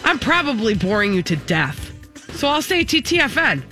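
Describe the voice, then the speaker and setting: A woman's voice: a little high, big pitch swings, normal speed, music in the background. Playful woman reading notes over hip hop. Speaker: radio show co-host reading old notes. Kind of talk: sung parody jingle and reading notes aloud.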